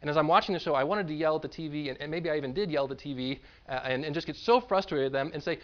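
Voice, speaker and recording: A man's voice: fairly high pitch, rapid-fire, hardly any pauses, highs cut off. Man preaching a conversational sermon. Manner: conversational preaching, acts out voices of imagined people. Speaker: pastor.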